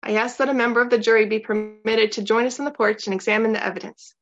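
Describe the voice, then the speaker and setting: A woman voicing a confident man on trial who speaks in a calm, earnest way, on a dull lo-fi recording. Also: on the high side, fast, lightly acted.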